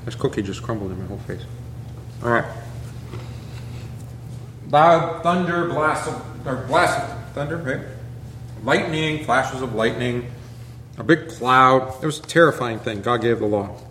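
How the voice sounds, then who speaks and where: A man, a pastor, teaching a Bible class in a relaxed conversational way, peppering it with rhetorical questions and asides. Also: medium pitch, unhurried, pauses often, roomy sound, slight background noise.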